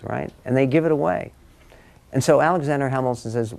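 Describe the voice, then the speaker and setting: A man's voice: mid-range voice, lively intonation, fast, creaky, darkish tone. An older man speaking as an author to a room of listeners, telling family stories in a rambling, wry, conversational way with frequent ums and restarts. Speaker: author giving a book talk. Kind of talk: conversational storytelling talk to an audience. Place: room with a live audience.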